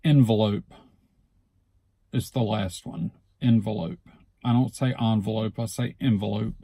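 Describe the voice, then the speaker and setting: A man with a Southeast Alabama accent, casually reading a word list for his vlog and repeating each word slowly and deliberately. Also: mid-range voice, steady tone, vocal fry, mellow, no echo. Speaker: vlogger.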